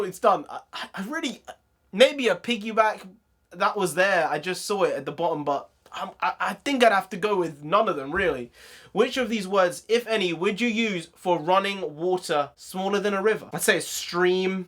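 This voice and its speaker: A high-pitched YouTube host from the London area, with a southern English accent, speaks at a moderate pace. He hosts a casual reaction video full of jokey, excitable commentary and frequent laughter.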